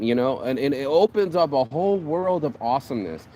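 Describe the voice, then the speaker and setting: A man rants about lifestyle and energy in a loose, rambling way, swearing freely and jumping between thoughts. His voice sits at an ordinary middle pitch. Street traffic is clearly heard behind him outdoors. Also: quick pace, hardly any pauses. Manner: animated, profane, rambling. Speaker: vlog host. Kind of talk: casual motivational rant.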